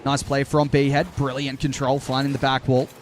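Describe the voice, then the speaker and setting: A young man calls an esports match live, narrating the play briskly and pausing to respond to his chat. His medium-pitched voice keeps a level tone, with slight background noise behind it.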